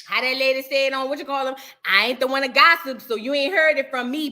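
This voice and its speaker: A woman chatting casually about celebrity gossip as host of her channel, sassy and animated, sometimes breaking into sung bits. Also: sits high, brisk, hardly any pauses.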